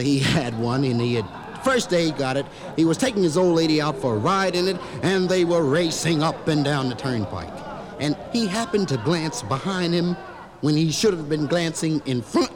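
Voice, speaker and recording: A man performing a stand-up comedy routine in a club, an animated storyteller who acts out every character. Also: a little high.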